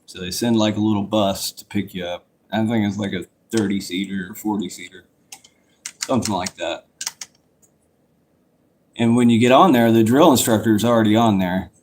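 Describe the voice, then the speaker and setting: A man's voice: on the low side, normal speed, long pauses, slight background noise. Rambling, profane man telling stories. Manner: rambling, profane, loose and conversational. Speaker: vlogger telling a life story. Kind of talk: casual storytelling.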